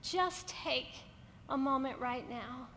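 A woman preaches with a very high voice in an earnest, repetitive style. Her words ring out with a long hall reverb, and a faint noise sits underneath. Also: takes it slowly, pushed and bright. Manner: earnest, building to emphatic repetition. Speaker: pastor. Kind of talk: sermon to a women's gathering.

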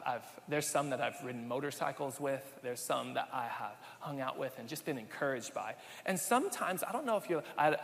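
A man's voice: medium pitch, long reverb tail. A man pastor preaching a sermon in a conversational way, often asking the congregation questions.

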